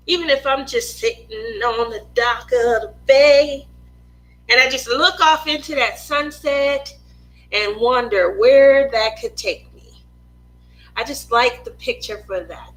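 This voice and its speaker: A woman from Las Vegas, USA, hosts a casual craft livestream, chatting while she paints. She greets viewers by name in a playful, chatty, sometimes sing-song way. Her voice is high-pitched and a bit bright, and the recording is rough.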